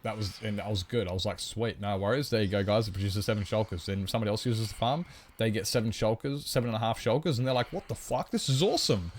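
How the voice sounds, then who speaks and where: A man with a somewhat low voice rambles through a relaxed livestream chat. He explains his thinking at length and answers viewers' comments as they come in. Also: fast, a little hiss or hum.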